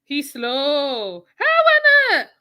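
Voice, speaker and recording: High, slow-talking West Indian woman. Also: huge pitch swings, pushed and bright. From West Indies. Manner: mocking, scolding, repeats phrases for emphasis. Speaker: channel host. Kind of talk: reaction commentary.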